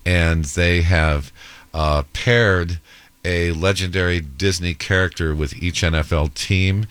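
A man with a very low, deep voice hosts a morning radio show from the studio. He keeps it relaxed and chatty and laughs easily with his co-hosts. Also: slow, smooth, dry recording.

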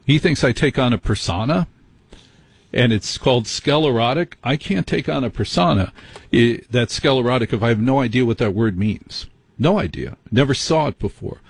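Husky-voiced rambling late-night radio man. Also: medium pitch, animated, moderate pace, no room sound. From United States. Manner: rambling, self-deprecating, wry asides. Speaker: overnight radio host.

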